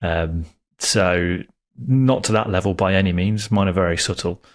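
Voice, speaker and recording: Bloke cohosting a football pod, low voice, chatty and keen. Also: male voice, fairly even intonation, normal speed. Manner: chatty, enthusiastic, with many fillers and restarts. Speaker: podcast co-host. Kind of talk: casual football podcast chat.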